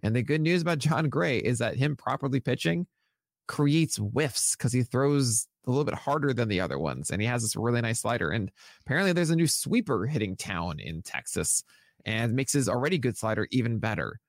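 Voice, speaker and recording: Lively, animated man on a podcast. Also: mid-range voice, fairly quick, gravelly, no room sound, studio quality. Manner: animated, enthusiastic, jokey. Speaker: podcast co-host, fantasy baseball analyst. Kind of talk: casual podcast chat.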